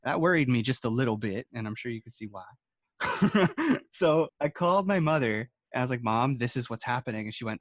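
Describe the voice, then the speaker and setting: A man's voice: medium pitch, a little fast, dry recording. A man co-hosting a podcast, telling candid personal stories in a casual, joking way. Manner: candid, animated, jokes and laughs. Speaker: podcast co-host. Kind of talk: casual storytelling chat.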